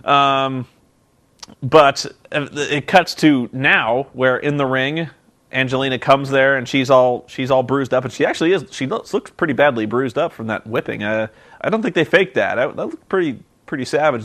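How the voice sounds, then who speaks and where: A man's voice: medium pitch, moderate pace, fairly bright tone. A man casually recapping wrestling in a rambling, sarcastic, profane way with lots of ums and uhs. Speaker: vlogger reviewing wrestling.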